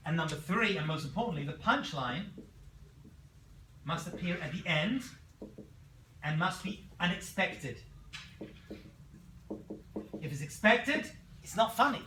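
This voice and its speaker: A man teaching a class as a rabbi, telling jokes and stories in an animated way and throwing questions at his students. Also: high-pitched, unhurried, pauses often, slight background noise. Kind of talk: classroom lecture.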